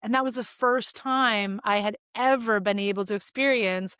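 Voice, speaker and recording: A woman in her forties speaks as a podcast guest, open and reflective as she tells personal stories. Her voice sits at a middle pitch. The recording is dry, with no room sound. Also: normal speed, a bit bright, clean tone, dry recording. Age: 40s. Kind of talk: casual conversation.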